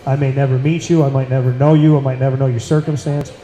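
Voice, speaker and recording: A man's voice: mid-range voice, flat delivery, fast, mellow, faint music behind. Central new york guy, host, earnest and emphatic, repeats himself for weight, echoey room. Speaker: podcast host. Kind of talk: casual talk-show conversation.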